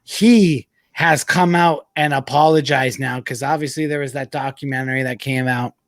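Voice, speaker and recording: A man hosting a casual sports chat with friends, loud and profane, joking his way through the banter and reading an ad spot. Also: mid-range voice, steady tone, moderate pace, no room sound, clean studio sound. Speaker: podcast host.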